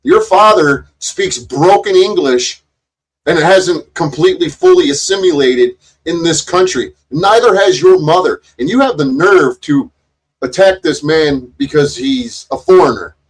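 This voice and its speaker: A man's voice: a little high, lively intonation, measured pace, husky. A man giving casual, sarcastic commentary on a video, mocking the people in it and swearing freely. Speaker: co-host reacting to a video.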